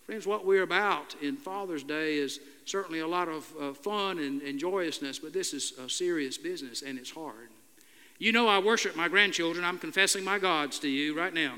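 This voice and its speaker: An older male pastor preaches with a raised, bright, forceful voice. He tells stories in a halting, earnest way full of "uh" fillers. His words ring out with the long reverb of a large church hall. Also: sits high, smooth. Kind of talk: sermon.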